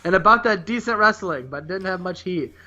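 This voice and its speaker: A man hosting a casual podcast, excitedly recapping wrestling matches and laughing often. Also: high-pitched, brisk, lo-fi sound. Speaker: podcast host.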